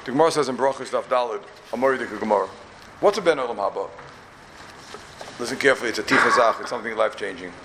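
A rabbi from Borough Park, giving an emphatic yeshiva talk full of repeated questions and wry asides. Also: male voice, mid-range voice, rapid-fire, background noise. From Borough Park, New York.

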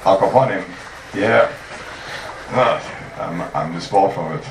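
A man's voice: low voice, measured pace. A man teaching a Talmud class, driving home each point by restating it with energy. He sounds set back from the microphone, and his voice rings around the room. A faint hiss of noise sits underneath. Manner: animated, repeating points for emphasis. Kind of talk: Talmudic lecture. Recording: echoey room, distant mic, faint noise.

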